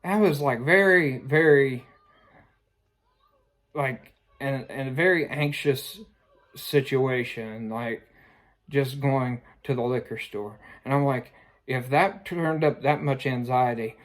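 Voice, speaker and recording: A man's voice: mid-range voice, takes it slowly. A man casually telling a personal story, rambling and sheepish, filling his talk with "like" and "I mean.". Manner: self-conscious, sheepish.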